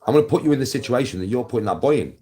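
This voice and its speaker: A warm-toned, medium-pitched voice races along expressively. It's a middle-aged English-accented live-stream host swearing through a blunt, crude monologue to the viewer, lecturing directly and taking questions from chat.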